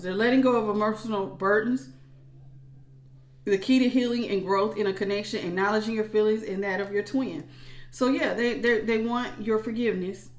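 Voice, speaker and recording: A woman giving a casual tarot reading in a chatty, animated way, with features and acted-out asides. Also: mid-range voice. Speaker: tarot reader. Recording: echoey room.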